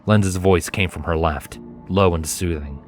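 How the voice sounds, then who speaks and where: A man with a very low, deep voice reads a story aloud in measured, dramatic narration. Soft music plays quietly behind him. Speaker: fanfiction reader. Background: faint background music.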